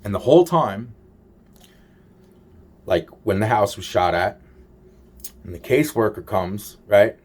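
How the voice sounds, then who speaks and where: A man's voice: on the low side, expressive, unhurried, pauses often, a little mellow. A man in a rambling monologue, swearing constantly and trailing off with exasperated sighs. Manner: trails off with repeated sighs of "wow".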